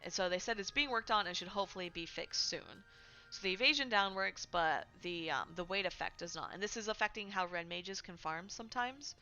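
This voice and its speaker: A woman's voice: mid-range voice, brisk, sharp tone, dull audio, soft background music. A woman hosting a casual game news livestream from home, chatty, with lots of "like" and "right?". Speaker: livestream host. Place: home streaming setup.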